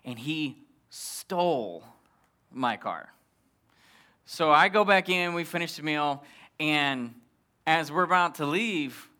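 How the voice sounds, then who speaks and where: A male pastor telling a comic story in a sermon, animated and acting out the dialogue. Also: on the high side.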